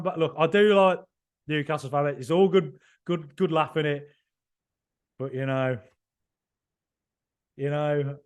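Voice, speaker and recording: A man with a high, bright-sounding voice hosts a football podcast, reacting right after the final whistle. He talks in an excitable, emphatic rush, circling back and repeating lines as his enthusiasm runs away with him. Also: clear, resonant tone. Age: 30s or older. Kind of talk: excited post-match reaction.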